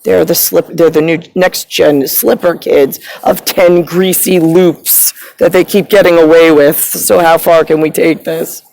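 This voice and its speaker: A woman's voice: low-pitched, steady tone, unhurried, vocal fry, hardly any pauses, darkish tone, low-quality recording. A woman delivering a rambling, agitated personal rant, swearing and drifting from topic to topic.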